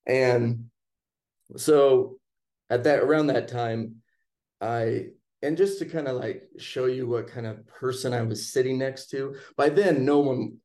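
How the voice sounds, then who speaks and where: A man casually telling a personal story in conversation, relaxed and chatty, acting out what people said. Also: mid-range voice, measured pace. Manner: relaxed, chatty, acts out quoted lines.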